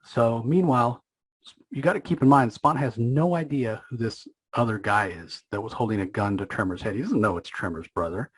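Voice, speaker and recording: A man's voice: mid-range voice, moderate pace, breathy edge, no room sound. A man hosting a casual comic book recap, chatty and opinionated, thinking aloud with plenty of fillers and restarts. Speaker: comic book reviewer and channel host.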